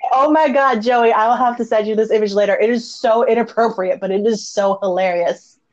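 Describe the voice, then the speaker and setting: A woman hosting a casual conversation, telling stories with lots of laughter and animated quoted dialogue. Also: fairly high pitch, a little fast, slight background noise. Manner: animated storyteller, laughs often. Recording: dull lo-fi audio.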